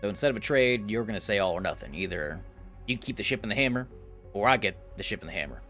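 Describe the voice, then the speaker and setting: A man's voice: fairly low pitch, animated, quick pace, sharp tone, faint music behind. A man narrating a tabletop role-playing game as game master, casual and swearing freely. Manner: casual, swears, laughs often.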